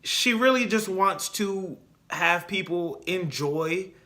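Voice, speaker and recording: Opinionated man with a bright voice. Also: high voice, takes it slowly. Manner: opinionated, animated, repeats points for emphasis. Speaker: podcast host. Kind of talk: casual solo podcast commentary.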